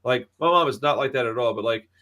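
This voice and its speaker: A man's voice: medium pitch, quick pace, bright, forceful tone. A man in his thirties, a podcast co-host, chatting casually and telling stories with lots of swearing, acting out the people he quotes. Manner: profane storytelling, acts out quoted voices. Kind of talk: casual chat.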